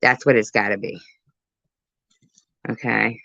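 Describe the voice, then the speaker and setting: A woman's voice: very deep voice, steady tone, slow, gravelly, a bit bright, dry recording, muffled recording. A woman doing casual live commentary as a YouTuber, rambling and swearing as she talks to her viewers.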